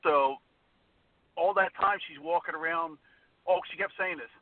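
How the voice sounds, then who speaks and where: A man calling in to a radio show, telling a long story in a loose, animated way, laughing and acting out the other people in it. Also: fairly high pitch, moderate pace, dry recording. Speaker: caller. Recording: tinny phone line from far off.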